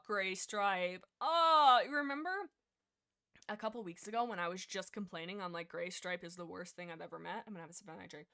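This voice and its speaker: A young woman hosting a livestream, talking in a casual, rambling way and jumping from point to point. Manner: rambling, jumps between points, lively swings in pitch. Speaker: livestream host discussing books.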